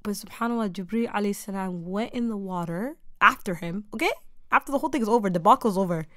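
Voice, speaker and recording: A young woman hosting a podcast in a dark studio, talking earnestly about faith with halting restarts and rising emphasis. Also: mid-range voice, no room sound. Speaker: podcast host. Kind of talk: casual faith-centered conversation.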